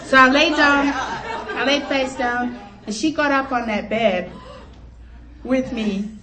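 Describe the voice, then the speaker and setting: A middle-aged woman telling a comic story to a luncheon crowd in a chatty, animated way, laughing as she goes. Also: high-pitched, takes it slowly. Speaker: luncheon speaker. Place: conference luncheon hall. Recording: echoey hall from far off, room noise.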